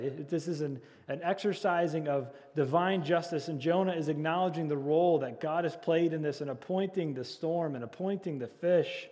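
Man, pastor, sermon, mellow but higher voice, earnest repeated phrases, call and response, long hall echo. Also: moderate pace, hardly any pauses. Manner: leads call and response with the congregation.

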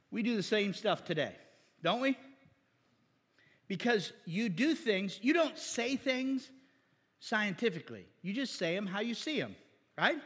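A man preaches with a high, slightly husky voice. He jokes, fires off rhetorical questions and slips into mock voices. The sound carries the long echo of a church hall. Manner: animated, jokey, acts out mock voices and asks rhetorical questions. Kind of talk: sermon.

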